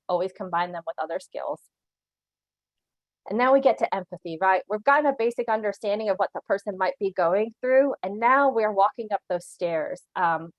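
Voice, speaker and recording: A woman's voice: mid-range voice, dry recording, muffled recording. A woman presents a training session over a video call, speaking in a mid-range voice with an earnest, instructive manner. Her voice sounds dry and close, with no room around it. She checks in with her listeners often and laughs lightly now and then. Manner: earnest and instructive, with occasional laughs and frequent "right?" check-ins. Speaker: animal control officer giving a training.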